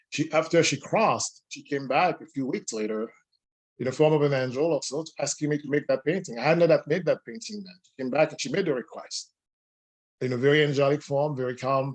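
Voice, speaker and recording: Man telling a spiritual story. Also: medium pitch. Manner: earnest, relaxed, with frequent restarts. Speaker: guest, spiritual medium and painter. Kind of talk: conversational storytelling.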